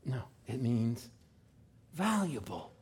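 A man's voice: mid-range voice, sing-song, slow, a little mellow, breathy edge. A man, likely a pastor, preaching a sermon in a folksy way with asides and rhetorical questions.

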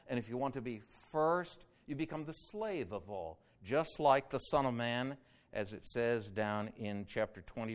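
A man preaching a sermon that explains a Bible passage verse by verse, rising loud on quoted cries and dropping low and slow on solemn points. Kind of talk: expository sermon.

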